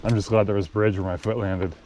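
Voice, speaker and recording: A man's voice: on the low side, fairly even intonation, quick pace, a little mellow, a little hiss or hum. A man chatting casually and a bit profanely while mountain biking on a forest trail, his mic on a helmet or action camera. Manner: rambling, profane, offhand. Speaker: mountain biker. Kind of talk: casual chat while riding.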